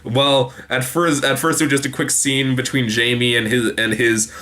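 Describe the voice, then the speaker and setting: A man's voice: mid-range voice, flat delivery, pushed and bright. A young man casually recapping a TV episode, rambling with lots of fillers and restarts. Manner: rambling, many fillers and restarts, quotes characters in quick voices. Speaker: TV show reviewer.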